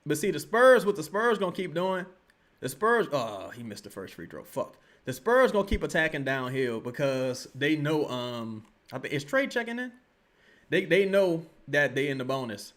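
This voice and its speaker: Excitable man shouting at a basketball game. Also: moderate pace. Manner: excitable, swears a lot, erupts into shouting then drops to low muttering. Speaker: sports streamer reacting to a live game. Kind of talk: live basketball watch-along commentary.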